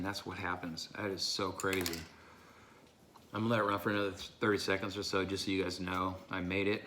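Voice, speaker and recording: Deep, bright-toned man reviewing a hot sauce, voice strained from the burn, faint room noise behind. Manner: breathy, gasping, pausing to recover. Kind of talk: casual vlog talk to camera.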